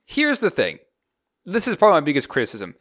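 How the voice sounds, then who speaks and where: A man's voice: on the high side, wildly swooping pitch, fast talker, fairly bright tone. A young man co-hosting a movie review podcast, talking casually and critically, rambling from point to point. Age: young adult.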